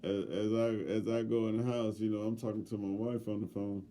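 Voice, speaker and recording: A middle-aged man co-hosting a podcast, telling a story in casual chat with heavy profanity and lively, loud swings when he quotes himself. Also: on the low side, brisk, slight background noise. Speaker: podcast co-host.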